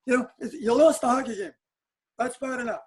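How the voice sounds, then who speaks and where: A man telling animated anecdotes on a webinar chat, with frequent restarts and laughs. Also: very high voice, a little fast, husky, rough recording. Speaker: sport psychologist guest.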